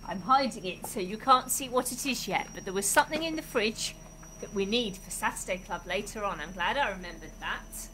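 A woman's voice: mid-range voice, animated, fairly quick, a bit bright, slight background noise, rough recording. A woman hosting a Bible club for children, talking in a friendly way and calling out sing-song greetings.

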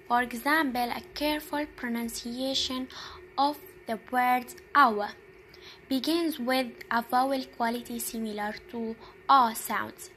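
A young woman student giving a slow, deliberate classroom presentation on pronunciation, repeating each example word. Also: high-pitched, sharp tone, a little hiss or hum, rough recording. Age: young adult.

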